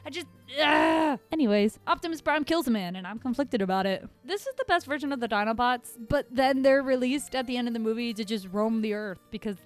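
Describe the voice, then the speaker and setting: A woman giving a casual, sarcastic and exasperated film review with animated outbursts. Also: on the high side, fairly quick, hardly any pauses, soft background music. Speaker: movie reviewer. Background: lo-fi beats.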